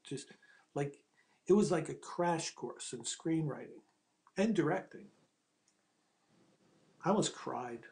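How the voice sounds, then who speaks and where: A middle-aged man with a somewhat high voice tells a long story. He acts out other people's lines in changed voices and swears casually as he goes. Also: expressive, slow, pauses often, a little mellow. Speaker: screenwriter and ghostwriter telling his story. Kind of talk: animated anecdotal storytelling.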